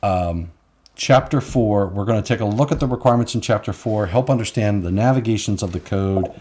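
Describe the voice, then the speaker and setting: A man's voice: on the low side, fairly quick, mellow, a little hiss or hum. A man hosting a live online show, chatting casually and rambling through stories with frequent laughs. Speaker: host. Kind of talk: casual live-stream chat.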